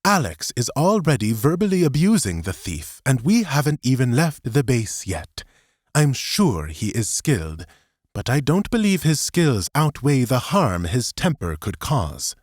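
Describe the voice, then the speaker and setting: A man voicing a calm, formal ambassador who speaks in a measured, precise way. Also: medium pitch, no echo, clean studio sound, voice pushed up. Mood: calm insistent.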